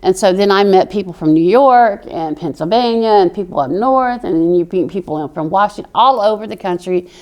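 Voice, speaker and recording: A woman's voice: mid-range voice, animated, a little fast, few pauses, highs cut off. A middle-aged woman from Oklahoma with a Southern accent, telling stories in a chatty way as a veteran being interviewed. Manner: storytelling, chatty. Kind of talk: interview answers.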